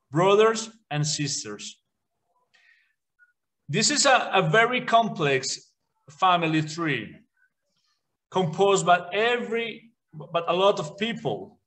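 A man whose first language is Spanish, teaching English to children with a British-leaning accent, reading out word lists clearly and often restarting his sentences. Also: high voice, fairly bright tone, low-quality recording. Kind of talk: beginner English lesson for children.

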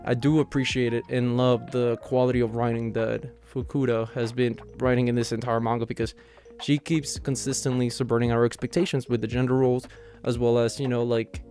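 A man's voice: mid-range voice, level tone, brisk, warm tone, faint music behind. A man casually reviewing a manga chapter, enthusiastic and rambling, filling his talk with "you know" and "like".

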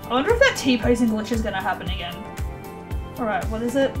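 Excitable woman narrating her gameplay. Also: fairly high pitch, quick pace, music in the background. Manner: excitable, chatty, voices her sims in asides. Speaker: let's play host. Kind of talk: casual gameplay commentary.

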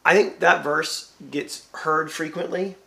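An animated male pastor in a church devotional talk, with a bright, ringing voice that sits a touch high for a man. He slips into quick voices for imagined conversations as he talks. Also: creaky. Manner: animated, acts out imagined dialogue.

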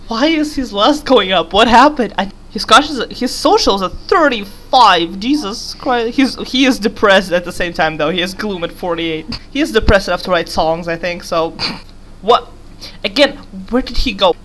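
A woman's voice: medium pitch, expressive, normal speed, a bit bright. A young woman giving casual, giggly commentary while playing a game, rambling and talking to the character on screen. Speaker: gaming YouTuber.

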